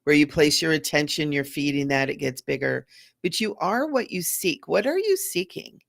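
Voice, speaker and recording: A middle-aged woman, a psychic medium, chatting casually and gently during a live reading, repeating her phrases. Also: sits low, lively intonation, normal speed, gravelly, dry recording, studio quality.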